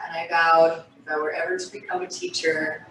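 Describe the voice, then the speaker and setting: A woman's voice: low voice, fairly bright tone, recorded from a distance, a little hiss or hum. Soothing woman leading a stretch class. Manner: soothing, breathy cues with sighs and yawns. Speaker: stretching instructor. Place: home room on a video call. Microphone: laptop mic on a video call. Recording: echoey room, off-mic, music behind. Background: background music.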